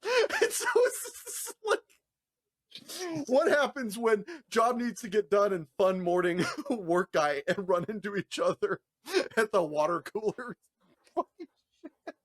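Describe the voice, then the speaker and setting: Animated, profane male storyteller. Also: takes it slowly, dry recording, clean studio sound. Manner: animated, profane, laughing, mimics people in high voices. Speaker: podcast co-host. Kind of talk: casual storytelling chat.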